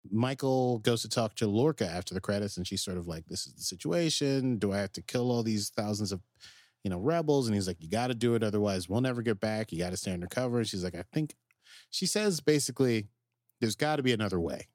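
A man's voice: on the low side, animated, fast talker, darkish tone, no room sound, clean studio sound. A man co-hosting a podcast, casually recapping an episode in a rambling way, full of fillers and acted-out quotes. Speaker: podcast co-host.

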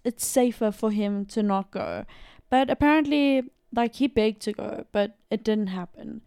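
South african girl telling a true crime story, smooth mellow voice, dry close sound. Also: fairly high pitch, dry recording. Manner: chatty, filler-heavy storytelling with asides. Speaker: podcast host narrating a case. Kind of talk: casual true-crime podcast narration.

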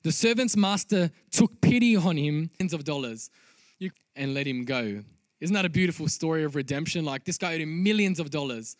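A man preaching a sermon as a pastor, earnest and rising to loud, emphatic peaks. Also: fairly high pitch, animated, brisk, no echo.

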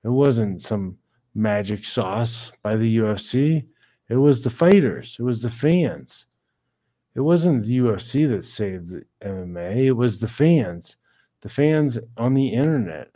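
Livestream host, male, slow-talking and blunt, mellow low-key tone, rants and swears casually. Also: expressive. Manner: blunt, ranting, swears freely. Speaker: livestream host reading chat. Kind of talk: casual ranting livestream talk.

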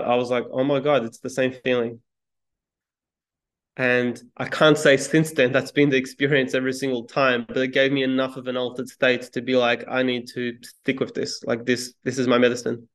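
A man being interviewed as a guest, telling a story in a calm, measured way with small restarts. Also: mid-range voice, vocal fry. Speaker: podcast guest, speaking coach. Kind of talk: reflective interview talk.

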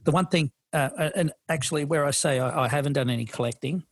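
A man's voice: a little high, quick pace, no echo. A middle-aged man co-hosting a podcast, chatting casually with lots of fillers and restarts. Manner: rambling, full of fillers and restarts. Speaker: podcast co-host. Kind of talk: casual chat.

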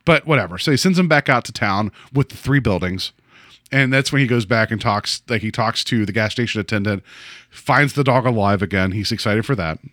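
A man co-hosting a podcast, casually recapping a TV episode, animated and laughing as he acts out quoted lines. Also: fairly low pitch, brisk, no room sound, studio quality. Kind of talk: casual chat.

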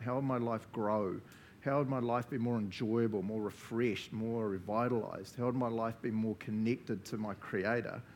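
A man's voice: mid-range voice, slight background noise. Chatty New Zealand man leading a church talk. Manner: chatty, relaxed, tags sentences with "eh?". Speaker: church leader. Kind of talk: casual sermon with group discussion. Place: church gathering.

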